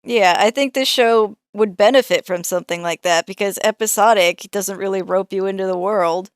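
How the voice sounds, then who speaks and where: A woman's voice: mid-range voice, clear, resonant tone, no room sound, studio quality. A woman co-hosting a podcast, trading wry jokes in a casual chat. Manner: wry, joking asides, quick to laugh. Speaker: podcast co-host. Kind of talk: casual chat reviewing a cartoon.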